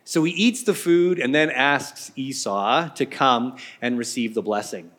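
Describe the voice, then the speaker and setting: A man's voice: medium pitch, measured pace, fairly bright tone. A man preaching a casual sermon as a pastor, telling the story in a chatty way with joking asides.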